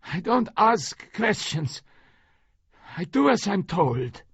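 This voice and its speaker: A man's voice: high voice, very animated, slow pace, fairly bright tone, husky, no echo, dull audio, pitched above the performer's own voice, exaggerated voice. A man voicing a nervous middle-aged henchman who stammers and pleads, in an audiobook. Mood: frightened.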